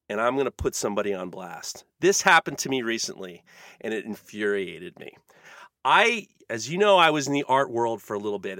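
A man's voice: on the low side, pushed and bright, dry recording, clean studio sound. A man hosting a casual podcast chat, ranting in a heated, profane way. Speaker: podcast host.

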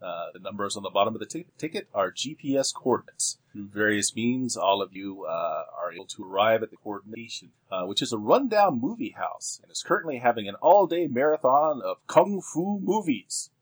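A man narrating as game master in a tabletop role-playing game, relaxed and full of filler pauses. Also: fairly low pitch, husky.

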